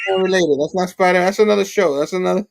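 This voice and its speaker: A man co-hosting a casual podcast chat, laid-back and jokey, his voice going hoarse. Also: high voice, racing. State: losing his voice. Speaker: co-host.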